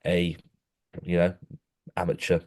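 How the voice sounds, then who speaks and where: A young man chats loosely on a podcast, his voice sitting very low. He rambles through stories in a laddish way, dropping "mate" into nearly every sentence. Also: completely flat delivery, measured pace, creaky, a little mellow. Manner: rambling, laddish storytelling, says "mate" constantly. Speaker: podcast co-host. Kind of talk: casual chat.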